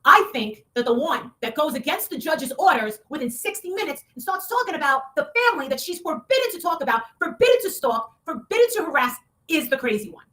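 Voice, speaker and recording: A woman talking in a heated, casual rant, swearing often and breaking into loud outbursts. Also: high-pitched, big pitch swings, brisk. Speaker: online show guest.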